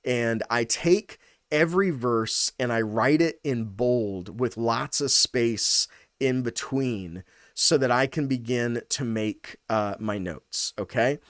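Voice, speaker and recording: A man's voice: medium pitch, takes it slowly, fairly bright tone, dry recording, clean studio sound. A man in his thirties, a pastor, walking through a passage in a casual teaching style, thinking aloud with many fillers and restarts.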